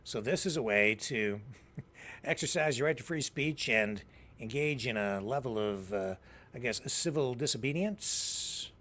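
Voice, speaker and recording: A man's voice: mid-range voice, animated, unhurried, a bit bright. A Canadian man with a Canadian English accent hosting a live news show, rambling through casual commentary and often laughing at his own jokes.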